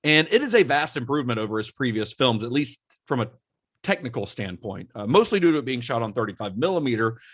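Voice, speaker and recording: A man hosting a casual film podcast. His voice is mid-pitched and relaxed, and he breaks into easy laughter while he explains. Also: fast. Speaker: podcast host.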